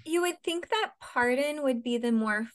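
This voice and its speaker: A woman co-hosting a podcast in casual chat, thinking aloud with hesitant pauses. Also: sits high, animated. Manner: thoughtful, hesitant, laughs often. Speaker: podcast co-host.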